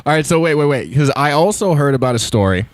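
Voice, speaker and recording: Male podcast host, animated and eager, dry close recording. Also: fairly high pitch, quick pace, dry recording. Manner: laughs a lot, eager. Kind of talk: casual chat.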